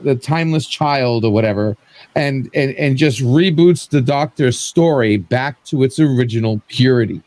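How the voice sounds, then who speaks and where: A man's voice: a little high, no room sound. Man ranting on a live panel. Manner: animated, rambling rant with stumbles and restarts. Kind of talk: live-stream panel chat.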